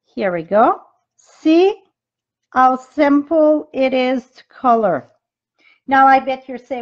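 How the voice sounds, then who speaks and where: High-voiced, unhurried woman demoing crafts. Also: expressive, darkish tone, dull audio. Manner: chatty, talks straight to viewers, explains as she works; loose grammar with frequent ums. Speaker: craft demonstrator and team leader. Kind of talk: live-streamed craft demo. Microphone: device mic from a live video stream.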